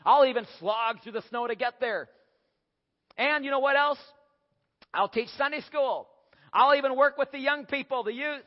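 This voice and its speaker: A man's voice: very high-pitched, normal speed, pauses often, pitched above the performer's own voice. A man voicing a self-absorbed pet cat that thinks everything exists for it. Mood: smug. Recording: echoey hall, dull lo-fi sound.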